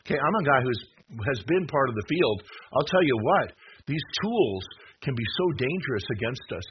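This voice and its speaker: A man's voice: medium pitch, moderate pace. A middle-aged man giving a rambling slide presentation, emphatic, with self-deprecating jokes and many restarts. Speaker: presenter of a talk. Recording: muffled with steady background noise.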